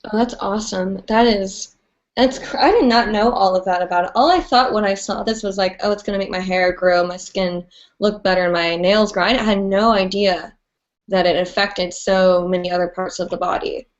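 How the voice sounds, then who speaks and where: A woman's voice: mid-range voice, steady tone, normal speed. A woman hosting a live online chat show, bubbly and chatty with lots of "like"s. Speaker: host. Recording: dull lo-fi stream audio.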